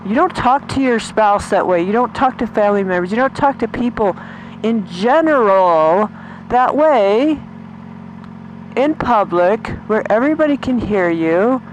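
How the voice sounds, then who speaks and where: A woman's voice: on the high side, animated, a little slow, poor audio. A woman vlogger chatting indignantly while riding a motorcycle on the road, in a casual rant. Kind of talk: ranting casual monologue. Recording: loud road and engine noise.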